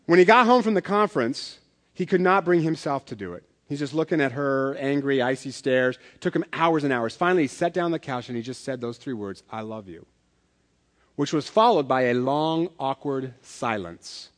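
Pastor preaching in a reverberant hall. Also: male voice, medium pitch, lively intonation, normal speed. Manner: conversational, self-deprecating humor. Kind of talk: sermon with storytelling.

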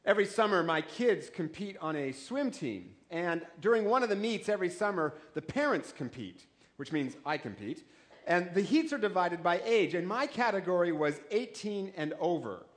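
A man's voice: sits high, very animated, moderate pace. A man in his forties, a pastor, preaching a sermon in a joking, conversational way with rhetorical questions. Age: 40s.

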